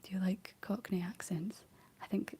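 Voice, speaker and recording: A young Scottish woman whispering soft ASMR chat, rambling gently to her viewers while she paints, close on the mic. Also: medium pitch, steady tone, normal speed. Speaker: ASMR livestream host.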